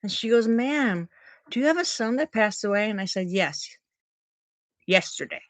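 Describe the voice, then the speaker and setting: Middle-aged woman vlogging, animated and emotional, dry close sound. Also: medium pitch, normal speed, dry recording. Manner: emotional, animated, talks to her dogs mid-story. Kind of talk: personal storytelling to camera.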